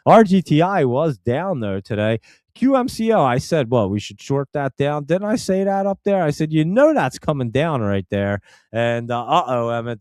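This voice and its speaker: A man's voice: medium pitch, a little mellow, clear, resonant tone, dry recording, studio quality. A man hosting a stock market show, chatting casually and rambling with many fillers and restarts. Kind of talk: casual live-stream chat.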